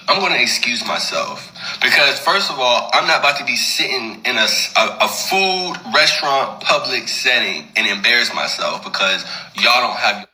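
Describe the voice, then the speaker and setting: A man tells a personal story in a loose, animated, conversational way. His voice is very bright and forward. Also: medium pitch, poor audio. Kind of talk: casual storytelling.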